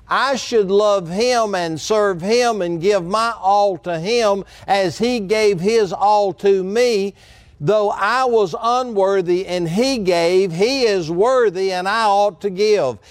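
A man pastor preaching a sermon, speeding up and slowing down and acting out the voices he quotes. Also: sits high, no room sound.

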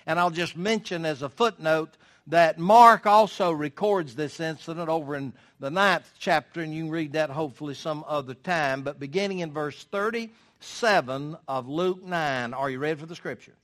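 A man's voice: a little high, normal speed, a bit bright. A man preaching a sermon, reading scripture aloud and explaining it verse by verse with emphatic, rhetorical questions.

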